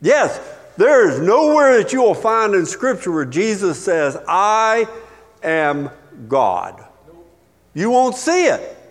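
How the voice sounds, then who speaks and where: A man's voice: sits high, very animated, slow pace. A man preaching a sermon as a pastor, emphatic, with sudden rises and drops in his voice. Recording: long hall reverb.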